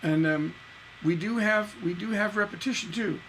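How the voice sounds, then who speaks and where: A man with a bright, somewhat high voice teaches songwriting in a loose, chatty livestream. He repeats himself, and he sings out syllables to mark a line's rhythm. A faint hum sits under the voice. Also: normal speed, low-quality recording. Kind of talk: casual livestream lesson.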